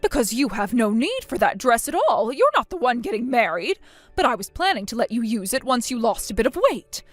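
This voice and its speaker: A woman's voice: on the high side, big pitch swings, a little fast, no room sound, soft background music. A woman doing a stern scolding mother. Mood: scornful. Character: stern middle-aged mother, groom's mom. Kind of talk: text-message story reading.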